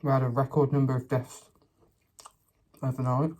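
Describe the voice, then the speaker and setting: A man's voice: mid-range voice, flat delivery, normal speed, darkish tone, slight background noise. A man, a mukbang vlogger chatting casually and a little sassily while he eats, sometimes talking with his mouth full. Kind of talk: casual chat while eating.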